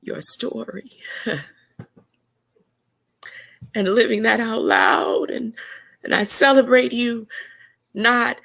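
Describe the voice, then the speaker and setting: A woman's voice: on the high side, big pitch swings, slow pace, creaky, pauses often, fairly bright tone. A woman hosting a podcast interview, speaking with heartfelt, faith-filled encouragement. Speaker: podcast host.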